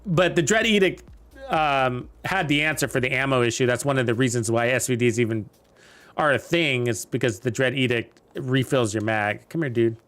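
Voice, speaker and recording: A man's voice: medium pitch, normal speed, fairly bright tone, faint music behind. A young man giving casual, rambling commentary while playing a video game, chatting to his viewers with lots of fillers. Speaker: game streamer.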